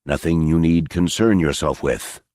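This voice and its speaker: A male narrator voicing a calm, stern general who speaks in clipped, controlled orders. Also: very deep voice, unhurried, no room sound, clean studio sound.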